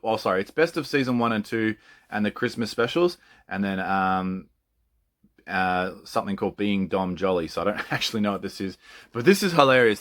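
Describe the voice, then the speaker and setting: Enthusiastic man, lowish voice. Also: fairly bright tone. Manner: enthusiastic, laughs often, swears casually. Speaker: collector. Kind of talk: casual chat.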